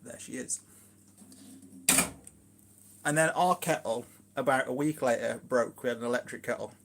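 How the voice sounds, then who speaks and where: Shropshire man, mid-pitched, rambling kitchen live-stream chat, lots of fillers and asides. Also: moderate pace, vocal fry, background noise. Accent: Shropshire English. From England, Shropshire. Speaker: gardening vlogger, live streamer. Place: at home in his kitchen.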